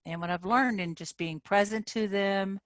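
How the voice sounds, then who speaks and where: Lady coach chatting to her group online, mid pitch, super dry sound, keeps saying okay?. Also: normal speed, no room sound. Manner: conversational, often checks in with "okay?"; animated when acting out frustration. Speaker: manifestation coach. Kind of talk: informal coaching talk to members.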